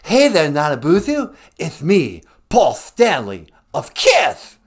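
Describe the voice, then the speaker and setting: A man's voice: fairly high pitch, wildly swooping pitch, takes it slowly, breathy edge, voice pushed up, full character voice. A man doing an impression of a famous rock singer phoning in to a puppet comedy show. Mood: smooth.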